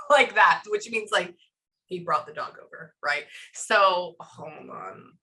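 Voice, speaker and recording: Bright, chatty woman giving a reading. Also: medium pitch, normal speed, low-quality recording. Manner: chatty, animated, stops herself with frequent asides. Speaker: psychic medium. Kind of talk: casual reading session with a client.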